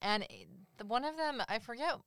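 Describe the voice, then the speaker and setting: A woman's voice: on the high side, expressive, a bit bright, clear, resonant tone, dry recording, studio quality. A woman co-hosting a podcast, chatting casually and upbeat about a movie. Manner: upbeat, quick to laugh and agree. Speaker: podcast co-host. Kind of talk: casual chat recapping a movie.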